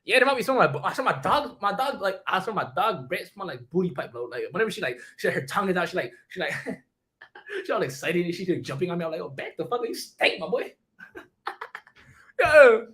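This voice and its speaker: A young man streaming casually, talking fast in heavy slang while answering chat questions. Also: high voice, sing-song, a bit bright.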